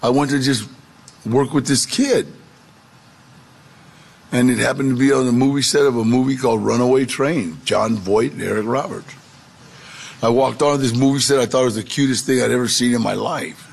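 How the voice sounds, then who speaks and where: A man telling his life story to an audience, lively and acting out the voices of the people in it. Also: mid-range voice, normal speed, long pauses. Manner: animated, gravelly storyteller who acts out quoted voices. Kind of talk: storytelling talk.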